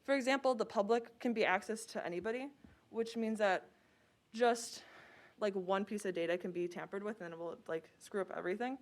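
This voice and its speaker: A woman's voice: medium pitch, a little fast. Casual young woman giving a tech talk. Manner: casual, with fillers like "like" and "uh". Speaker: student presenter. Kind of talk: conference talk.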